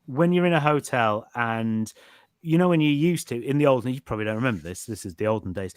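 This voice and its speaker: A man's voice: medium pitch, lively intonation, fast talker, smooth, no echo, clean studio sound. A man hosting a casual podcast chat, joking wryly and steering the conversation. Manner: wry, joking, plugs the show. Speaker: podcast host.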